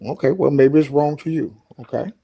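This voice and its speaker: Preachy Chicago man, fairly high voice. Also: brisk, vocal fry, warm tone. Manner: preachy, repeats himself, says okay a lot. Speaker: guest. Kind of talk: casual live stream chat.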